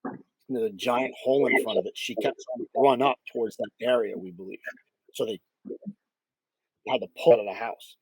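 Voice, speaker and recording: A man's voice: mid-range voice, normal speed, long pauses, husky, no echo, rough recording. New man telling a ghost story. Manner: animated storyteller, many fillers and acted-out quotes. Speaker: paranormal investigator, interview guest. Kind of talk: casual storytelling in an interview.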